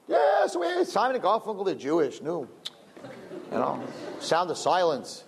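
A man's voice: high voice, normal speed, vocal fry, pauses often, a little hiss or hum. A middle-aged man giving a sermon as a rabbi, telling stories with jokes and acting out voices. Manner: animated, joking, acts out voices.

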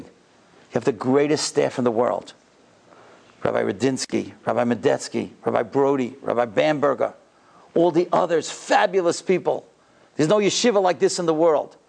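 A middle-aged man giving a speech to a yeshiva, telling a story with animated delivery. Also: moderate pace, vocal fry. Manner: animated storyteller, voice climbing high in retold dialogue. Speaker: guest speaker at a yeshiva.

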